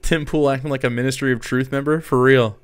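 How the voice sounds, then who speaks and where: A man's voice: medium pitch, steady tone, quick pace, smooth, dry recording. A man hosting live news commentary, reading an article aloud with sarcastic, profane asides. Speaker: streamer host.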